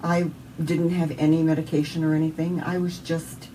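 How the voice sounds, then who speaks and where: A woman's voice: sits low, level tone, moderate pace, dark tone, distant mic, a little hiss or hum, rough recording. A woman with a Southern US accent sharing an earnest, emotional personal faith testimony as an interview guest.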